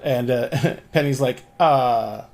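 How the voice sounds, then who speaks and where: A man's voice: mid-range voice, moderate pace. A man narrating as game master of a tabletop game, loose and full of fillers.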